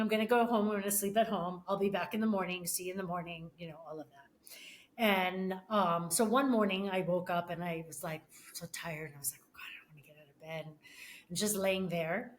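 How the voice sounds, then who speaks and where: A middle-aged woman, a podcast guest, telling a personal story with many restarts and pauses, often emotional. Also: mid-range voice. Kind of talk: casual conversation.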